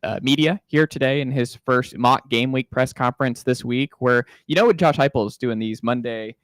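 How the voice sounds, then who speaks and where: Upbeat radio host. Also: male voice, mid-range voice, no echo, clean studio sound. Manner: upbeat, quick, with fillers. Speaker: radio sports show host. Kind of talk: casual sports radio talk. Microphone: studio microphone.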